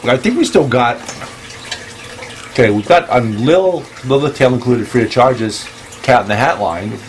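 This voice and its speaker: Rambling male host with faint background hiss. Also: mid-range voice. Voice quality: hesitant, full of ums and restarts. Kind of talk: casual rambling comedy monologue.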